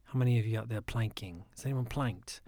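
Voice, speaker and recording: Husky, half-whispering man with a phlegmy throat. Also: lowish voice, brisk. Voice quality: raspy. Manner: soft, often half-whispered, rambling. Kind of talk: casual monologue.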